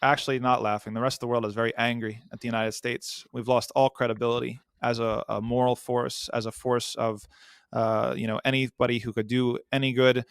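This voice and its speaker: A man speaking as a podcast guest, answering in an earnest, measured way with some fillers. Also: mid-range voice, little pitch movement, gravelly, clean tone, no room sound, clean studio sound.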